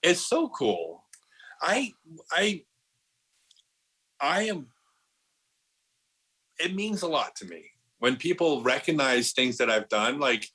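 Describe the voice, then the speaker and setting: A middle-aged man with a bright, forward voice chats on a podcast, spinning stories with lots of false starts. He leans on "like" and keeps circling back to his point. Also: fairly high pitch, measured pace, pauses often, husky, low-quality recording. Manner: animated storyteller, lots of restarts and "like". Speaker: podcast guest, disc golf pro. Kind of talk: casual podcast chat.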